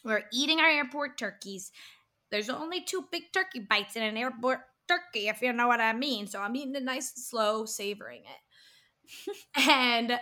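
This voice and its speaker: A young woman tells a story in casual chat, cursing freely and acting out what people said. Her voice is bright and clear and sits a little high. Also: moderate pace. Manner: animated, profane storytelling with acted-out quotes. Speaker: podcast co-host telling a story.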